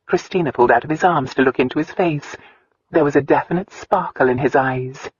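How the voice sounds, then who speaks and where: A woman narrating an audiobook in a calm, measured way. Her voice is slightly husky, and the recording is dry and somewhat dull, with no room sound. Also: low voice, no echo. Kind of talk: scripted narration.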